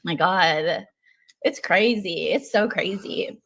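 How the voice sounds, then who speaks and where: A woman hosting a livestream, joking loudly and crudely with her viewers. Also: lowish voice, slow pace. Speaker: livestream host. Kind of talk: livestream chat.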